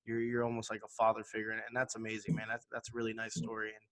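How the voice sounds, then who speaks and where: A man hosting a casual interview, reacting warmly and talking with many repeated restarts. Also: lowish voice, completely flat delivery, very fast, crowd noise. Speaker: host.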